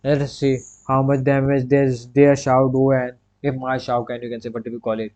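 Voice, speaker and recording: Over his own gameplay, a gaming streamer talks casually in a relaxed, mellow, medium-pitched voice. He walks himself through every move using short, repeated commands and fills pauses with one stock phrase, all captured on dull, lo-fi audio that sounds like a cheap home mic.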